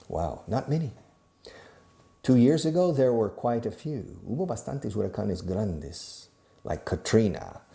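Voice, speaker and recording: Lively, mellow-voiced male English teacher. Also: lowish voice. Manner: animated, repetitive drilling with Spanish asides. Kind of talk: filmed English lesson to camera. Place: classroom or studio filmed by a camera operator.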